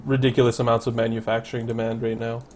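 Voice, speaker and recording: A man's voice: medium pitch, little pitch movement, quick pace, darkish tone, a little hiss or hum. Rambling man narrating a city-building game. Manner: rambling, thinking aloud, self-correcting. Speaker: let's play commentator. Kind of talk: casual gameplay commentary.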